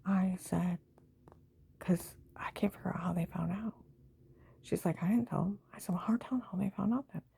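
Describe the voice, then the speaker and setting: A woman's voice: fairly low pitch, normal speed, vocal fry, warm tone, slightly rough. A woman vlogger telling a long, rambling personal story in an aggrieved tone, with angry bursts.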